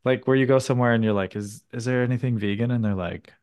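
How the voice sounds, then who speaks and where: A man's voice: medium pitch, fast, darkish tone, clean tone. A man hosting a podcast in casual chat, telling stories with acted-out quotes and casual swearing. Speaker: podcast host.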